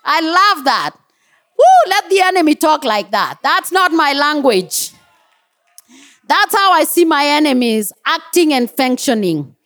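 A woman preacher delivers a sermon in church, her voice high and full of swoops. She is animated, laughs at her own stumbles and lets out joyful whoops. The delivery is lively from start to end. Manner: animated, laughs at herself, shouts of joy.

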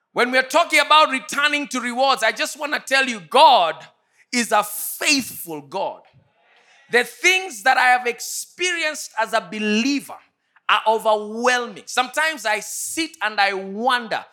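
A man, preaching a sermon and telling personal stories in an animated way. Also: normal speed. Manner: animated storytelling, jumps to high pitch for acted-out quotes. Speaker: pastor.

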